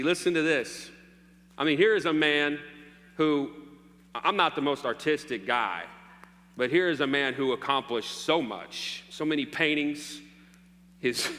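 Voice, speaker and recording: Bright-voiced pastor preaching in a hall. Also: male voice, fairly high pitch. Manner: playful, joking with the congregation. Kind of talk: sermon. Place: church hall. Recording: long hall reverb, faint hum.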